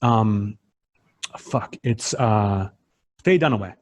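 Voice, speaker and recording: A man's voice: fairly low pitch, slow pace. A man in his forties, a comedian guest on a podcast, telling loose anecdotes full of fillers and casual swearing.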